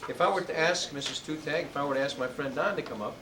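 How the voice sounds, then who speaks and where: A man speaks to a room of students in a motivational talk, stretching out his key words and calling for the audience to answer. He is heard from a distance in a roomy, echoing space. Steady background noise runs under the voice. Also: a little high. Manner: call-and-response, drawn-out emphatic words. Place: indoor room with students and adults. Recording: echoey room, distant mic, noisy.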